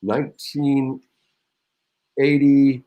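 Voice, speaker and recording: A man's voice: medium pitch, level tone, drawn-out words, highs cut off, background noise. An older man around seventy with a mid-range voice tells stories in a raucous, theatrical manner, reading aloud from a memoir and drifting into casual chat as a guest. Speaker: actor and guest.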